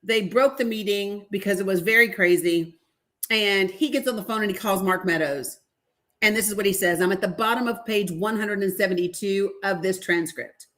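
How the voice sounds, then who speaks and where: A woman's voice: medium pitch, moderate pace. A woman hosting a casual livestream, reading a deposition aloud and reacting with laughter, asides to viewers and frank swearing. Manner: animated, laughing, swearing, talks to viewers as y'all. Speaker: livestream host.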